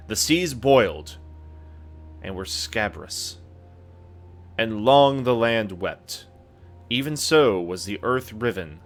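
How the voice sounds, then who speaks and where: A man's voice: on the low side, a bit bright. A young man hosting a let's play, chatting playfully about the game and reading passages aloud. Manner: self-deprecating, playful, reads in a solemn voice. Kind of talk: casual gameplay commentary and reading aloud.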